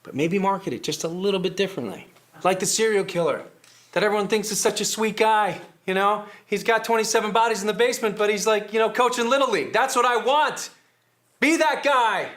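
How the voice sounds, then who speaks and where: A man's voice: high-pitched, lively intonation, fast. A man playing a sarcastic political strategist in a comedy sketch, who laughs at his own lines. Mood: smug. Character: scheming male political strategist coaching activists.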